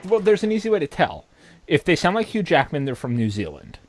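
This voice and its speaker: A man co-hosting a gaming podcast, talking in a loud, profane, ranting way. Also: on the high side, big pitch swings, fairly quick, no room sound. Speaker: podcast co-host. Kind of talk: casual chat.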